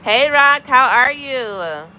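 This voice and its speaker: A woman in her thirties with a bright, forward American voice, chatting with her livestream audience and calling out viewers by name. Her tone is easygoing and talkative. Faint city traffic hums behind her, as if she is outside near a car. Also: high voice, expressive, slow pace. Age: 30s. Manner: chatty, greets viewers by name, drifts between comments. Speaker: livestream host. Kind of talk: casual live chat with viewers.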